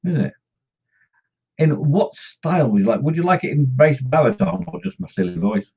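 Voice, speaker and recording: Here a middle-aged man runs a model-painting live stream, bantering with viewers and teasing them as he goes through the chat. He speaks at a moderate pace in a fairly high, expressive, husky voice with some vocal fry. It comes through as dull lo-fi stream audio.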